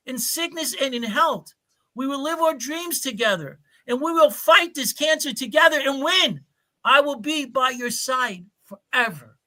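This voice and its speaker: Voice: sits high, pushed and bright, exaggerated voice. A performer voicing an earnest young man in an amateur radio drama, speaking heartfelt and hesitant. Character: earnest young man proposing to his sick girlfriend.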